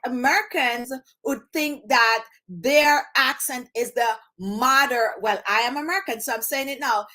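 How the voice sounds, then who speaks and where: A woman's voice: fairly high pitch, sharp tone. A woman from Jamaica with a Jamaican accent, hosting her beauty channel in casual chat to camera, dropping her H sounds and repeating phrases for emphasis.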